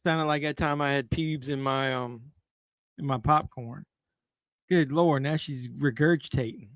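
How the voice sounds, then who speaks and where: A man's voice: medium pitch, measured pace, fairly bright tone, dry recording. A man hosting a live movie watch-along, making casual commentary full of crude jokes. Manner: crude joking banter. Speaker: live-stream host.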